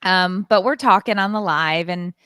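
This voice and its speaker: A woman co-hosting a podcast, telling a story in a frank, animated, self-deprecating way. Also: on the low side, normal speed, clean tone, no room sound, studio quality. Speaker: podcast co-host. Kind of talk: casual chat.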